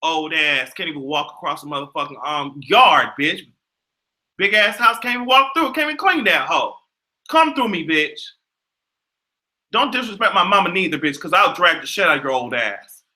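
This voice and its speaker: A young man hosting a livestream, delivering a profane, sassy and animated casual rant. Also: a little high, normal speed. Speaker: livestream host.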